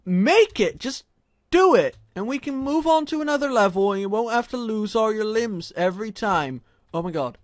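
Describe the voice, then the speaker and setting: High-voiced man in frustrated game commentary. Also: expressive, fairly quick, hardly any pauses, dry recording. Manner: frustrated, swings from muttering to shouting. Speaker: gaming commentator. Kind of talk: let's play commentary.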